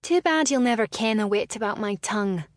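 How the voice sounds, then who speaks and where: A woman's voice: medium pitch, expressive, dry recording, studio quality, pitched above the performer's own voice. Woman playing a brash, mocking young noblewoman. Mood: defiant, mocking. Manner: scornful, quick, mocking.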